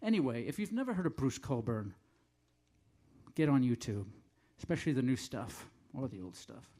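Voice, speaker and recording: A man's voice: mid-range voice, very animated, moderate pace, mellow. An older man from the northern United States, a singer-songwriter, telling rambling, self-deprecating stories between songs at a live café show.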